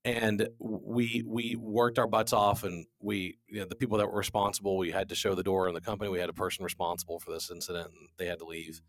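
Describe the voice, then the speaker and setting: Low-voiced guy in his 40s, earnest business talk, dry close sound. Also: level tone, fast talker, hardly any pauses, no room sound. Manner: earnest, repetitive restarts, emphatic. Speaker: business owner guest. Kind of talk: candid storytelling interview.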